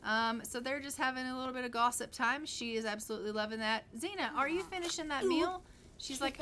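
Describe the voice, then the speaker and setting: A woman's voice: high voice, brisk, bright, forceful tone, a little hiss or hum. A woman streaming a life-sim game, chatting casually with her viewers and her sims.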